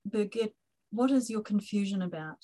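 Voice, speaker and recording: A woman's voice: medium pitch, moderate pace, mellow, low-quality recording. Hesitant woman practicing a coaching exercise. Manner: hesitant, searching for words. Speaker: trainee.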